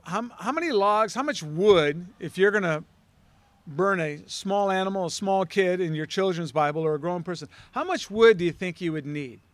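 Male Bible teacher with a conversational style who asks the listeners questions, higher voice, dry sound. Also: animated, moderate pace, no echo.

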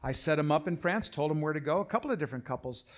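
A middle-aged pastor preaches from the pulpit with a fairly high, somewhat raised voice for a man. He is animated, emphatic, and repetitive, often slowing down so his main points land.

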